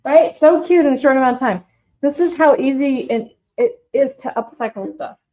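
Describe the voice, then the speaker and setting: A woman's voice: high voice, moderate pace, dark tone, rough recording. A woman who owns a shop, hosting a live do-it-yourself painting demonstration in a chatty, upbeat way, talking straight to her viewers and calling them by name. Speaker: shop owner hosting a live DIY demo. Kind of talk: casual live crafting demonstration.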